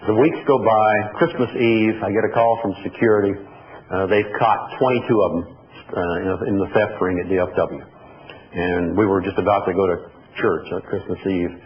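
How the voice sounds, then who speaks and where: Male motivational speaker, lowish voice, folksy storyteller; dull lo-fi recording in an echoey hall with faint noise. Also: steady tone, normal speed. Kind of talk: storytelling keynote speech.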